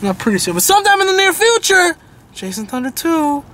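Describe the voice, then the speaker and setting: A man's voice: extremely high pitch, big pitch swings, fairly quick, sharp tone, a little hiss or hum. A young man in his early twenties hosting a casual shopping vlog, joking and rambling playfully while browsing a big store. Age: 20s. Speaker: vlog host.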